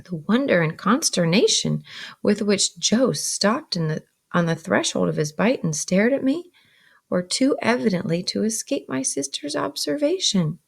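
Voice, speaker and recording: Gravelly woman reading a novel to students. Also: medium pitch, lively intonation, moderate pace. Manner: explains words between passages with fillers. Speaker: teacher.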